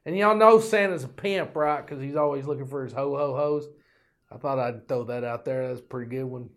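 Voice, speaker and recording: A man's voice: mid-range voice, a little fast, a bit bright. An older man with a drawl hosting his own show, telling rambling, profane stories with folksy joking asides. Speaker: podcast host. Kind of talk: rambling storytelling monologue.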